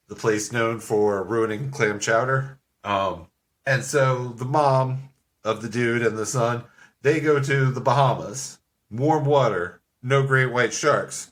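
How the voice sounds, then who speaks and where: A man's voice: medium pitch, fairly bright tone. A man co-hosting a casual movie review chat, joking, laughing often and swearing freely.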